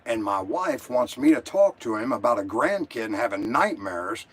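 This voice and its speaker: Husky, agitated older man. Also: medium pitch, very animated, moderate pace. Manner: agitated, rambling, profane. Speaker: caller. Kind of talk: emotional call-in story.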